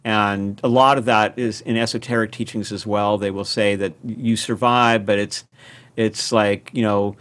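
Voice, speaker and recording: A man's voice: on the low side, unhurried. A man, a podcast guest telling a long story and acting out the quoted voices. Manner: animated, acts out quoted voices. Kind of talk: storytelling in conversation.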